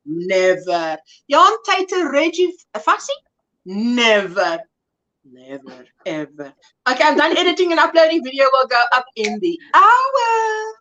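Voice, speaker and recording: A woman's voice: high voice, big pitch swings, measured pace, pushed and bright, highs cut off. A South African woman hosting a casual livestream chat, reading viewer comments aloud and laughing often. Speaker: livestream host.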